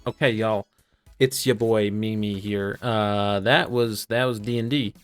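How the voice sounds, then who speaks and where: A man's voice: on the low side, measured pace, faint music behind. A man hosting and running a tabletop game, talking casually with lots of fillers. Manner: casual, filler-heavy, relaxed. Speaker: game master and host.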